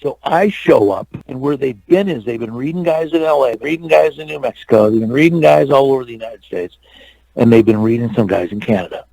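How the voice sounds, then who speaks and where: An older man, an actor and stuntman, telling lively anecdotes as a guest in an interview. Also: medium pitch, fairly quick, gravelly, rough recording. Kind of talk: storytelling interview.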